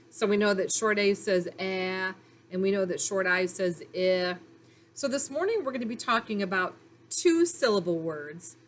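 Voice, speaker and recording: A woman teaching young children phonics in a recorded lesson, speaking slowly and clearly in an encouraging way. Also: mid-range voice, a bit bright, slight background noise.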